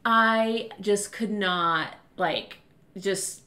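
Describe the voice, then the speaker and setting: A woman's voice: mid-range voice, drawn-out words, pushed and bright. A woman who is a podcast guest, telling family stories in casual chat and laughing as she talks.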